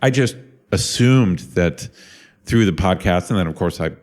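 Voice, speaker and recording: A man's voice: low-pitched, expressive, moderate pace, a little mellow. A middle-aged man from Ohio, co-hosting a casual podcast and talking thoughtfully, with many restarts and repeated words. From Ohio, USA. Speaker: podcast co-host and university lecturer.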